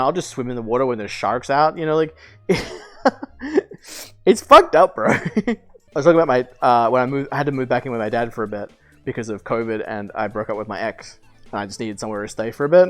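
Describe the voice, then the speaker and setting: A young man streaming, casually telling a long story with lots of "like" fillers, swearing and laughter. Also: medium pitch.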